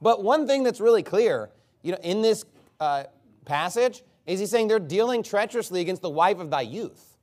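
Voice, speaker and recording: A man preaching an expository sermon, animated and mocking, reading scripture aloud and breaking into impressions. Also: high-pitched, normal speed.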